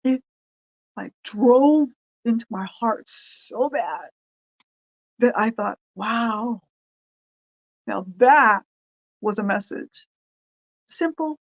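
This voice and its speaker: A woman's voice: fairly high pitch, animated, slow, long pauses. Rambling, earnest woman pastor, dull sound. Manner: rambling and earnest, with many restarts and fillers. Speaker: pastor and podcast host. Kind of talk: informal devotional talk to a streaming audience.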